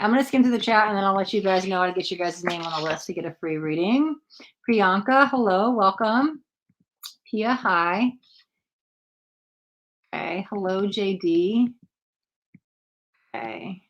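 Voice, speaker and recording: A woman hosting a tarot livestream in a casual, chatty way, greeting viewers by name and laughing at herself when she stumbles over names. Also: mid-range voice.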